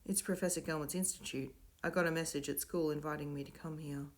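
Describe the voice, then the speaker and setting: A woman voicing a dazed young boy who speaks flatly and quietly. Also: deep voice, fast, natural voice. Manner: flat, quiet and soft-spoken.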